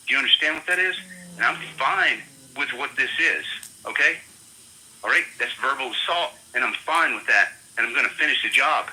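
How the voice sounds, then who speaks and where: A man's voice: mid-range voice, a little fast, bright, forceful tone. A man on a phone call, angry and profane, stammering and repeating himself. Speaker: prank call target. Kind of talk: phone conversation.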